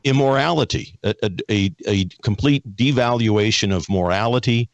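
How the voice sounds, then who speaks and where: A man's voice: medium pitch, moderate pace, vocal fry, dry recording. An American man hosting a conservative talk show, folksy, with frequent restarts and repeated words. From United States.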